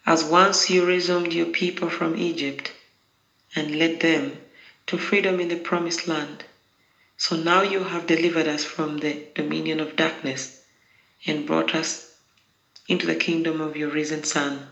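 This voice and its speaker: Prayer leader, unhurried liturgical recitation, crisp bright tone with some fry. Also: medium pitch, flat delivery, highs cut off. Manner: slow, measured, solemn recitation. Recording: roomy echo.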